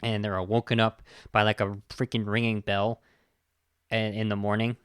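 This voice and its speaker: A man's voice: fairly low pitch, little pitch movement, normal speed, clear, resonant tone, no room sound, clean studio sound. A man hosting a podcast, talking casually and heatedly about a film, exasperated, swearing, with frequent restarts. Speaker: podcast host. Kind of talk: casual film review talk.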